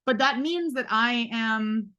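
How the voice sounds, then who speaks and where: With a fairly high, sharp-toned voice, a woman in her 40s speaks slowly as she moderates a live roundtable. She sounds reflective and uses many fillers and asides.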